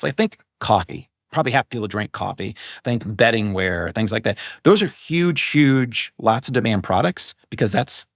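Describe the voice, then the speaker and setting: A man's voice: medium pitch, no room sound, clean studio sound. A man talking as a podcast guest about running an online business, chatty and prone to digressions and self-corrections. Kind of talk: casual interview chat.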